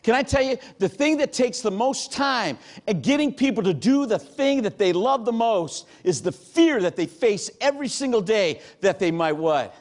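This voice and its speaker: A man giving a motivational keynote talk, telling stories in a punchy, animated way and breaking into shouts and acted-out quotes. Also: high-pitched, moderate pace, hardly any pauses. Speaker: keynote speaker. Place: large hall before a live audience.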